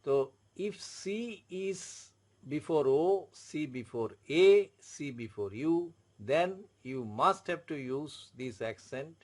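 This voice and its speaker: A man with an Indian English accent teaching a French lesson, explaining slowly and repeating words and spelled-out letters. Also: fairly high pitch, expressive, a little mellow. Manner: slow, repetitive, spells out letters. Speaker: French tutor. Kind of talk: classroom explanation.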